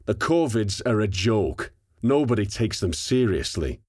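A man voicing a young female corporal who sounds weary and dismissive, with a flat delivery. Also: on the low side, a little slow, husky, dry recording, studio quality, exaggerated voice.

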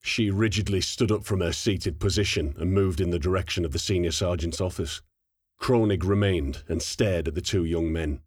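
Man, audiobook narrator, low voice, husky, steady measured reading, dry close recording. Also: no echo.

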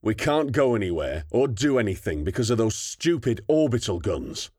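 A man voicing an eager young male soldier who talks with energetic, rapid conviction. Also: fairly low pitch, husky, no echo, studio quality, pitched above the performer's own voice. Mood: fired up.

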